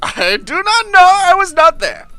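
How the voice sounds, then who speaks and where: A man voicing a tiny, cranky old male gnome shopkeeper who talks in a high, loud, rude and impatient voice. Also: wildly swooping pitch, unhurried, faint music behind, full character voice. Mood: brusque.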